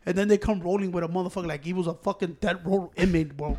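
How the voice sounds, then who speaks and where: A man telling a story in casual chat, profane and animated, with slangy asides. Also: high voice, fast.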